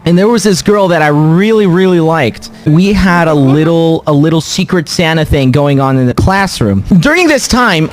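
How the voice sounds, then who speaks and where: A man streaming to his chat, telling a story in a dramatic, profane, animated way. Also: sits high. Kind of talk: casual storytelling to a live chat.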